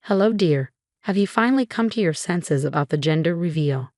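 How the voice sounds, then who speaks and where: A woman's voice: fairly low pitch, lively intonation, brisk, a little mellow, no room sound, studio quality, lightly acted. A woman voicing a meddling, defiant grandmother in a narrated story. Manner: scoffing, defiant.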